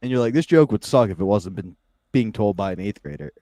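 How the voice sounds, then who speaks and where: A man's voice: lowish voice, lively intonation, fairly quick, mellow, no echo. Wry, dry-sounding podcast co-host man. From United States. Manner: dry, wry commentary with crude asides. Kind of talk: casual comedy podcast banter.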